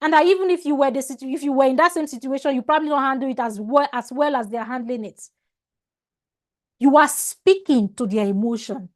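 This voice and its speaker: High-voiced emphatic woman trainer. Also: fairly quick. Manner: emphatic, repeats words, restarts phrases, asks "All right?". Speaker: customer service trainer. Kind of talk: online training lecture.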